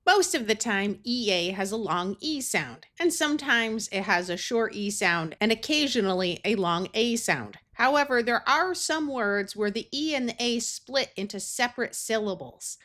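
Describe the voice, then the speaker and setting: A woman's voice: on the high side, animated, normal speed, few pauses, a bit bright. An American woman teaching a phonics lesson, sounding out words carefully in parts. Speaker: reading tutor.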